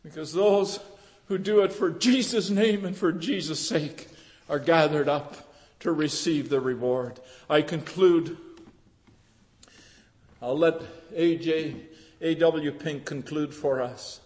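An older man preaching a sermon with passion, swinging from hushed tones to shouts. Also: a little high, takes it slowly, long reverb tail.

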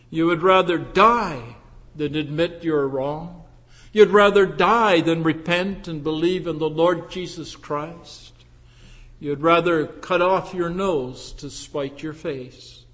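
A man preaching a sermon as pastor, slow and deliberate, with many rhetorical questions put to the congregation. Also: high voice, fairly bright tone. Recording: long reverb in a large hall.

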